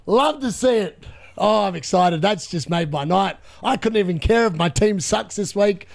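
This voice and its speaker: A man streaming a live football watchalong, chatting, laughing, reading the chat and bursting into shouted play-by-play when the action picks up. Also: sits high, normal speed, gravelly. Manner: excitable, bursts into shouted play-by-play at big moments; chatty, laughs often, reads chat aloud.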